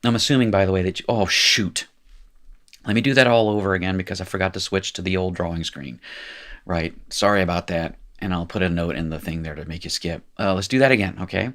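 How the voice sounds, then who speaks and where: A male teacher with a somewhat low voice runs a live language lesson at his desk. He talks in a chatty, joking way and catches and fixes his own slips as he goes. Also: fast, a bit bright. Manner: chatty, jokey, self-correcting.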